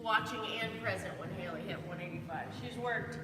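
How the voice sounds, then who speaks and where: A woman's voice: medium pitch, brisk, very noisy. A young woman chatting upbeat with viewers by name while coaching a live workout. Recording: roomy hall reverb. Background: faint background music.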